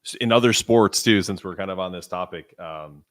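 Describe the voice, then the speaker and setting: A man co-hosting a podcast, telling an animated story with lots of restarts. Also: deep voice, moderate pace, no echo, studio quality. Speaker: podcast co-host. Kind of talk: casual chat.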